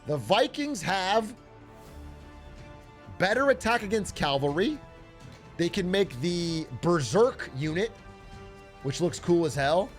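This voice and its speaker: Lively, joking streamer man. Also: high voice, takes it slowly, pauses often. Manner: jokey, swears, repeats himself when nervous. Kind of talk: casual gameplay chat. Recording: faint game music behind.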